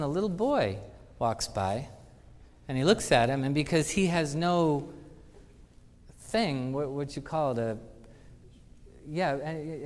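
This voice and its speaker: A man giving a conference talk, telling animated anecdotes and acting out the quotes. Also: fairly high pitch. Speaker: conference speaker. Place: conference hall. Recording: reverberant conference hall.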